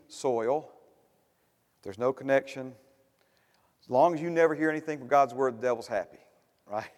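A man's voice: mid-range voice, a little mellow. A man preaching a sermon as pastor, building to emphatic bursts and repeating refrains. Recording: long hall reverb.

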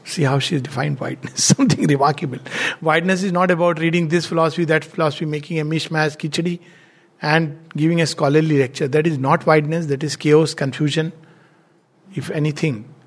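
Higher-voiced man. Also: steady tone, fairly quick. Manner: earnest, with laughs and spoken lists of virtues. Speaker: spiritual teacher. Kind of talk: spiritual talk with anecdotes.

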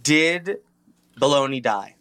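A man's voice: mid-range voice, lively intonation, takes it slowly, a bit bright, clean tone. A man co-hosting a podcast, chatting casually and dropping pop-culture references. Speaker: podcast co-host. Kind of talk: casual chat.

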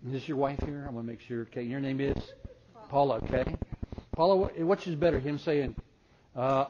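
A man's voice: mid-range voice, fairly quick, dull audio, a little hiss or hum. Folksy older man teaching parents. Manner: folksy storyteller, swings from loud excited bursts to soft intimate asides. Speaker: parenting seminar speaker. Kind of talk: live seminar talk with audience questions.

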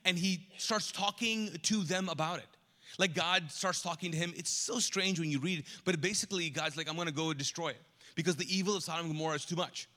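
Bright-voiced pastor preaching in a hall. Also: male voice, on the high side, brisk. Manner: conversational, asks the congregation to answer; acts out Bible characters in casual voices. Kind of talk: live sermon. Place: large church auditorium. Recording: long hall reverb from a live church service.

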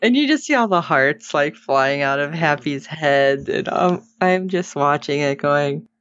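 An unhurried woman with a deep voice recaps a TV episode while co-hosting a casual podcast. She's animated, acting out quotes and laughing often, and the recording sounds dull and lo-fi.

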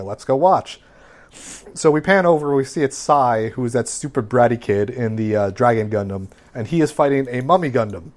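A man with an ordinary mid-range voice talks through an episode recap in a loose, rambling way. He leans on fillers and restarts as he goes. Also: medium pitch. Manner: rambling, filler-heavy summarizing. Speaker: podcast co-host recapping an anime. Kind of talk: casual recap chat.

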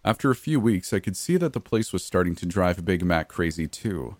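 Deep-voiced man narrating a horror story. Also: expressive, a little fast, dry recording. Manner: gritty, blunt, with frequent mild cursing.

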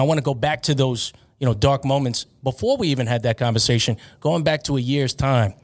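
A man hosting a podcast, asking long, rambling interview questions in a relaxed way. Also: mid-range voice. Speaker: podcast host and referee.

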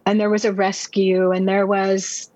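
Woman pastor, earnest testimony teller, husky voice, dry slightly dull recording. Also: medium pitch, completely flat delivery, a little mellow, no echo. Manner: earnest, vivid storytelling with quick repeated restarts. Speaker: pastor and Bible teacher. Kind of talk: personal testimony storytelling.

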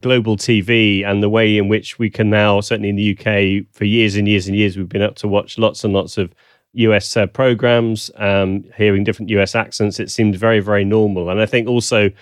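A man with a Southern English accent talks in a lowish voice as a guest on a video call. He muses thoughtfully, pausing on ums. The sound is close and dry, with no room in it. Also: flat delivery, no room sound. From south of England. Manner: warm, thoughtful, with frequent ums. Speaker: guest, language consultant. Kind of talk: casual interview chat.

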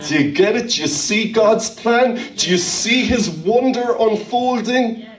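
A man's voice: sits high, a little mellow. A man preaching a fervent sermon as pastor, calling out to his congregation. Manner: fervent preaching with call-and-response. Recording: roomy hall, voice from far off.

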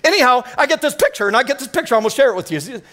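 A man with a very high-pitched voice preaches with lively energy. He tells a story from the pulpit, breaking into excited exclamations as he goes. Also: very fast. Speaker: pastor. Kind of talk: sermon.

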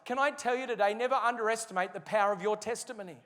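A man preaches with a high, bright-edged voice, leaning hard on key words and drawing phrases out for weight. He speaks as a pastor addressing a congregation in full sermon mode. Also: long reverb tail. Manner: emphatic preaching with slowed, stressed phrases.

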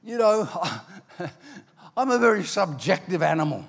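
An older man from Ireland, preaching a sermon with animated storytelling that swings between loud and soft. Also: sits high, measured pace, creaky. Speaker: pastor. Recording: long hall reverb.

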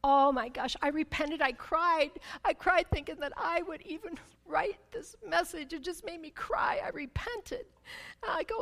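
A woman preaching in a sermon, her voice sitting high and ringing with long reverb from a big hall. She tells a personal story and keeps checking in with "right?". She moves between emphatic, loud passages and hushed, intense ones. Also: a little slow.

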